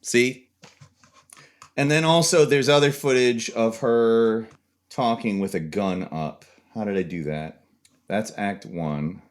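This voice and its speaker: A young man giving a casual tutorial walkthrough, chatty and jokey. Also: deep voice. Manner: animated, jokey, chatty explaining. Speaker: video creator.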